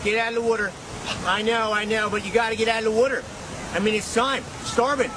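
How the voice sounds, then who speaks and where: A man's voice: high-pitched, steady tone, quick pace, close to an everyday voice. An actor playing an exasperated man with a Philadelphia accent, pleading with someone to get out of the water. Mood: nagging. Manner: nagging, pleading, repetitive. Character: exasperated Philly man yelling at a swimmer, impatient, hungry. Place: outdoors by the water. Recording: noisy outdoor video audio with surf.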